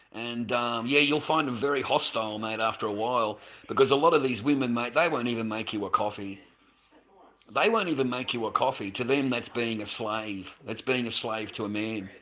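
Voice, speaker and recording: Australian dad, fired-up ranting vlogger, sharp bright tone, swears a lot. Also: male voice, mid-range voice. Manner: heated, swearing, rants, calls the listener "mate". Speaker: vlogger, father. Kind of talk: ranting monologue to camera.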